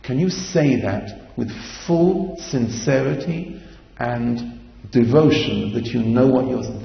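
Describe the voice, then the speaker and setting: A man's voice: fairly low pitch, vocal fry. A man giving an impassioned Torah lecture, mixing Hebrew terms into his English. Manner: impassioned, quotes Hebrew and Yiddish-inflected terms. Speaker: rabbi. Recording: echoey hall, dull lo-fi sound.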